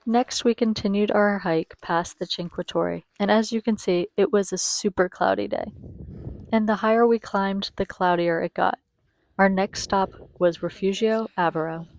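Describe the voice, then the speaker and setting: A woman's voice: medium pitch, steady tone, moderate pace, gravelly, darkish tone. A young woman giving a chatty, enthusiastic voice-over for a travel vlog and talking straight to her viewers. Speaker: travel vlogger.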